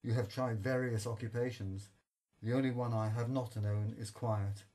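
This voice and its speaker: A man voicing a kind-hearted lighthouse official who asks brisk questions in an audiobook. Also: mid-range voice, fairly even intonation, warm tone, lightly acted. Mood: questioning. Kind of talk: audiobook character reading.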